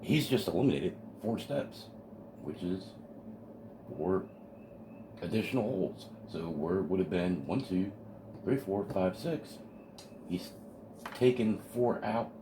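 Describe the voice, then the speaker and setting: A man with a very deep voice walks through a kit build step by step at his workbench. He sounds eager and easily excited as he explains. The home video recording carries a steady hiss of background noise. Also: unhurried, long pauses. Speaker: amateur radio hobbyist building a kit. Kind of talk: hands-on kit assembly walkthrough.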